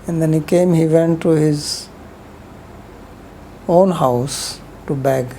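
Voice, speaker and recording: A woman's voice: sits low, slow pace, mellow, slight background noise, rough recording. A woman giving a rambling, conversational scripture lecture, telling stories with frequent asides.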